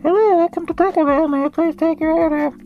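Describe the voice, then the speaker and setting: A chirpy fast-food drive-thru worker, piping in a sing-song falsetto far above a normal voice. The sound is squeezed and tinny like it comes through an order-box speaker, with faint music underneath. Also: male voice, steady tone, creaky. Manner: sing-song falsetto customer-service politeness.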